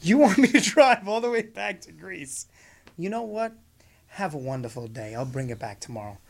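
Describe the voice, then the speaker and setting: A man's voice: high voice, animated, moderate pace, gravelly. A man telling a funny story in casual conversation, acting out both sides of the exchange and laughing often as he talks.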